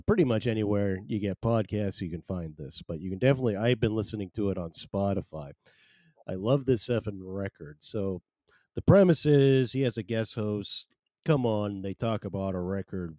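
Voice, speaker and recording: This man's fairly low, mellow voice carries a casual live podcast he hosts from home, where he rambles and makes self-deprecating jokes. He uses headphones and a desk mic, and the studio-quality audio has no echo.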